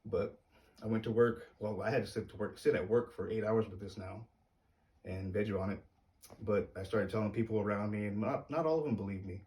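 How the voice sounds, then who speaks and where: Low-voiced hesitant man telling a story. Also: darkish tone, recorded from a distance. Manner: hesitant, halting, uneasy on camera. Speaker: vlogger telling a personal story. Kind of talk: casual storytelling to camera.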